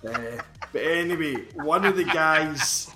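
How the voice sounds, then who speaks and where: A man's voice: a little high, measured pace, bright, forceful tone, reverberant. A man co-hosting a podcast, chatting enthusiastically, laughing and swearing. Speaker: podcast co-host. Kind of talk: casual chat.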